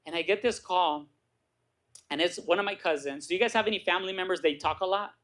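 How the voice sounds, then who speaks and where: Man, middle-aged, motivational speaker, animated storytelling, acts out voices, audience in the room. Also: high-pitched, quick pace. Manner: animated storytelling, acts out quoted voices, keeps asking "right?". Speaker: guest speaker. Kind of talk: motivational talk to a live audience.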